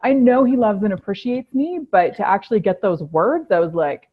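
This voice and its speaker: Animated woman guest over a tinny line. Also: medium pitch, normal speed, hardly any pauses, husky. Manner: animated storyteller who acts out her own past reactions. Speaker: program participant, interview guest. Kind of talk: casual interview chat.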